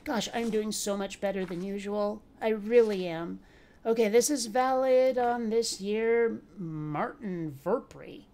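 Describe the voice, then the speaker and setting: A woman's voice: fairly high pitch, steady tone, measured pace, a little mellow. A woman giving casual let's play commentary, bantering sassily with the characters on screen. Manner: playful, sassy banter with game characters.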